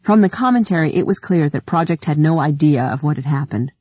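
Woman audiobook narrator, dark mellow tone, dry close sound, measured delivery. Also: low-pitched, animated, breathy edge, no echo. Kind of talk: scripted narration.

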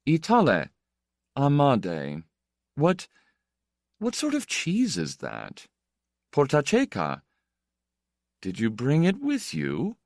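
A man's voice: medium pitch, huge pitch swings, slow, long pauses, no echo, full character voice. A man voicing an earnest, plain-spoken young man from the country with a dry humor. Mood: friendly.

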